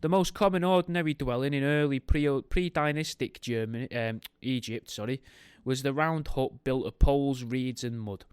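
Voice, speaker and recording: A man's voice: medium pitch, normal speed, clear, resonant tone, no room sound. A man hosting a podcast, reading a history book aloud and breaking off into wry, joking tangents. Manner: wry, goes off on tangents, makes jokey asides while reading. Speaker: podcast host.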